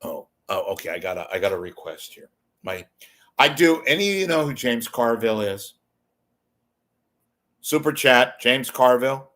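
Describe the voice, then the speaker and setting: An older man hosting a casual livestream, rambling and crude, his voice going hoarse. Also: medium pitch, animated, moderate pace, long pauses, fairly bright tone. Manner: crude, rambling, self-amused. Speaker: host.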